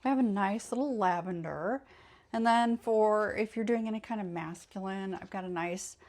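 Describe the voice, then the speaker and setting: A woman's voice: medium pitch, moderate pace, a little mellow. A woman hosting a casual craft tutorial, chatty and meandering, often correcting herself mid-sentence and sounding a bit tired. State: tired, yawning late in the evening. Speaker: craft channel host.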